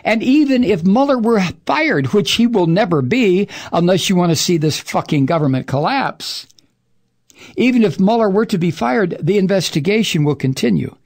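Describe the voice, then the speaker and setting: A man's voice: sits high, expressive, a little mellow. Profane, sarcastic male talk radio host. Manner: profane, sarcastic, emphatic, drawn-out words for effect. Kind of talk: angry political commentary monologue.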